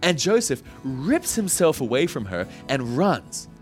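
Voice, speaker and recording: Lively, animated male preacher. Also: fairly high pitch, measured pace, soft background music. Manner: lively storytelling with laughs and asides. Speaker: pastor. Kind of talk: sermon.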